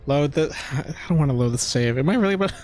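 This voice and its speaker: A man's voice: a little high, expressive, a little fast. A young man playing a video game, commenting casually, frustrated, swearing and laughing at himself. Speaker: gaming streamer. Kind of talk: casual let's play commentary. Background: faint game music.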